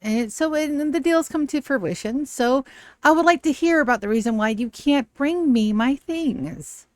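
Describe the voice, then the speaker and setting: A woman's voice: high-pitched, expressive, a little slow, no room sound, pitched above the performer's own voice. A woman playing a honey-voiced cult leader. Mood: condescending. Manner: sweetly condescending, calls people dear.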